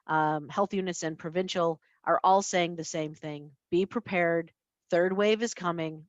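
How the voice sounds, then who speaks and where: A woman with a fairly low voice lays out her reasoning at a board meeting, steady and explanatory, with the odd filler. She comes through a video call, and the sound is dull and very dry. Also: no echo. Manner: measured, explanatory, some fillers. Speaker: library CEO.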